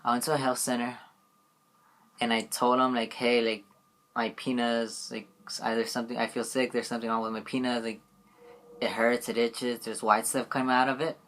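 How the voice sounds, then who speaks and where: A man's voice: mid-range voice, flat delivery, moderate pace, a bit bright. Rambling young man vlogging. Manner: rambling, full of "like" and "you know what I mean". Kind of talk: casual storytelling vlog.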